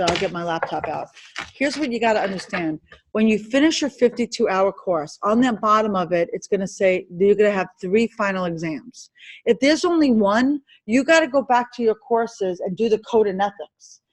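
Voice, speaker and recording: A woman teaching an insurance licensing class, quizzing students with rapid questions and emphatic reminders. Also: on the high side, poor audio. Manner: emphatic and animated. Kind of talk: classroom review lecture.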